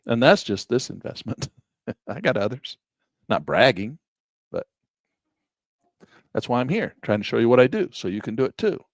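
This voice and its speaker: Gravelly, chatty man talking stocks. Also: medium pitch, sing-song, moderate pace, pauses often, no room sound. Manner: chatty, folksy, self-amused. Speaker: investing vlogger. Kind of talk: casual screen-share commentary.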